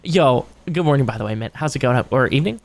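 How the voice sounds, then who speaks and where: Young man, live streamer, rambling casual banter with lots of swearing and a very lively pitch. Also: fast talker, creaky. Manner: rambling, profane, jokey, jumps into mocking voices. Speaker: streamer reacting to a video.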